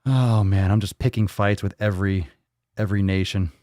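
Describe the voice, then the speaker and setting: A man with a fairly low voice hosts a fitness livestream in casual chat. He reads comments and jokes around, teasing viewers and swearing offhandedly. The sound is dry and close, with no room around it. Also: steady tone, normal speed, warm tone, no room sound. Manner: joking, teasing, plays with pronunciations.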